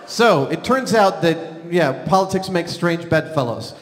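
Excitable man telling stories on stage. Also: a little high, measured pace. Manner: animated, excitable, shifts between loud bursts and hushed asides. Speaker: stage storyteller. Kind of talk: live comedic storytelling on stage. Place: large theater stage. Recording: theater reverb, faint hall noise.

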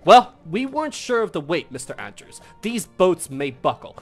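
A man's voice: high-pitched, sing-song, moderate pace, soft background music, heavily acted. A man doing a film impression of a nervous male ship officer who hesitantly defends himself. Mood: defensive.

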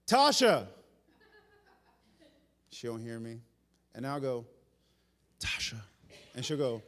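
A man preaching a sermon in a church during a live service, animated, swinging between loud emphasis and hushed delivery. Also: medium pitch, moderate pace. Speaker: pastor. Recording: long reverb of a church hall.

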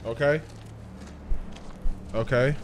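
A young man reacting to a video game as he plays, excitable and profane, with loud outbursts and banter. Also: mid-range voice, very slow, noisy background.

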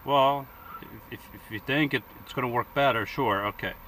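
A man's voice: mid-range voice, moderate pace, sharp tone, slight background noise, lightly acted. A man playing a bossy Air Force captain who blusters and stalls with fillers as he gives orders. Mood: blustering.

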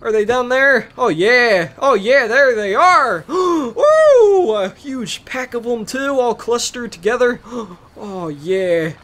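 A young man with a high, bright voice talks through a video game in loose, rambling commentary. He jumps into sudden excited shouts and trails off into mutters as he plays. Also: takes it slowly, few pauses. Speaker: Let's Play host. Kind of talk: casual gameplay commentary.

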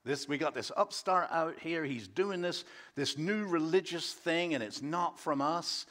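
A man preaching a sermon as pastor, telling the story in a relaxed, conversational way. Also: fairly high pitch, measured pace. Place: church.

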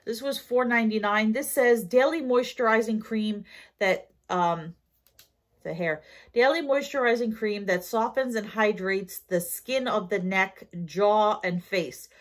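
A woman's voice: medium pitch, a little slow. A tired woman with a New York accent, rambling through a casual shopping haul vlog with lots of fillers and self-corrections. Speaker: haul vlogger.

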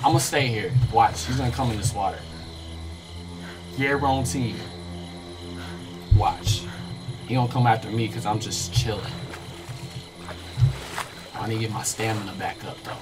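A man's voice: on the low side, measured pace, pauses often. Young man streaming a game, music behind. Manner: excitable, swears, talks to chat. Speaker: gaming streamer. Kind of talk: casual live-stream gameplay commentary.

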